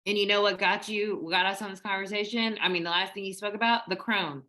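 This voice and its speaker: Bright emphatic woman co-host. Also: medium pitch, fairly even intonation, quick pace. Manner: emphatic, blunt, swears casually. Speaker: podcast co-host. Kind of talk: casual spiritual chat.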